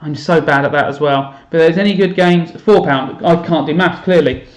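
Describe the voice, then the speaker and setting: A man's voice: on the high side, normal speed, hardly any pauses, reverberant. A man chatting casually on a live stream while playing a game, self-mocking and thinking aloud to his viewers. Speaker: teacher streaming to students. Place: home room.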